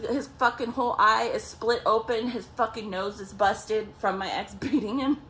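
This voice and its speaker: A woman vlogger tells a story in loose, profane chat, her voice sitting a little high. She laughs often and keeps checking in with "okay?" and "like". A faint hiss runs under her. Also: fairly bright tone. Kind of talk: casual storytelling.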